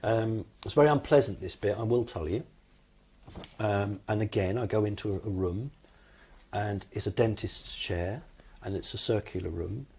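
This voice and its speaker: A man from the United Kingdom, calmly recounting his experiences as an interview guest in a matter-of-fact, explanatory way. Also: on the low side, normal speed, husky.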